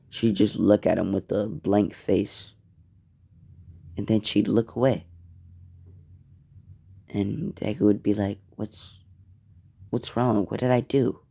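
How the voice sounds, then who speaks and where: A man's voice: lowish voice, vocal fry, warm tone. A man telling a story casually, rambling, cursing and interrupting himself. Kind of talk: casual fan-fiction storytelling.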